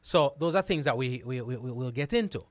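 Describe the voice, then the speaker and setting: Host, male, from Jamaica, mid-pitched, talks in lively bursts and repeats himself, dry close recording. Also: brisk, no echo. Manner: animated, repeats words, asks "right?" often. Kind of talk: casual commentary reading viewer comments.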